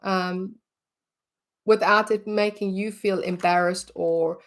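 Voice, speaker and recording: Speaking slowly in an even, mid-range voice, a middle-aged woman gives a relaxed lesson on how dogs behave. She acts out the things she would say as she teaches.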